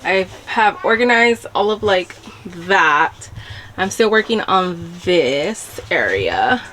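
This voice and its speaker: A woman's voice: lowish voice, very animated, takes it slowly, background noise. A woman talking casually to her viewers about home life while cleaning, chatty and swearing now and then. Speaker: vlogger. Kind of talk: casual home vlog chat.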